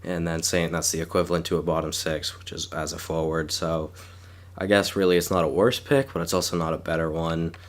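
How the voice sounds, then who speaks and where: A man's voice: low-pitched, steady tone, brisk. A young man with a sore throat, casually commenting on his game and stumbling over player names as he thinks aloud. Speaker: gaming YouTuber.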